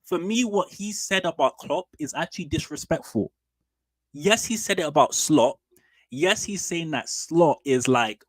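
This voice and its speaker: A man streaming casual football commentary, animated and opinionated, with slangy repeated asides. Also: a little high, unhurried, no echo. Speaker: streamer and fan channel host.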